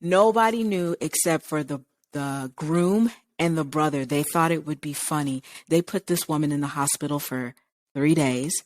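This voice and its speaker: A woman's voice: low voice, moderate pace, no room sound. A woman co-hosting a radio talk show, telling a long story casually and acting out the people's lines as she goes. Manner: animated retelling, acting out quoted lines. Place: radio studio.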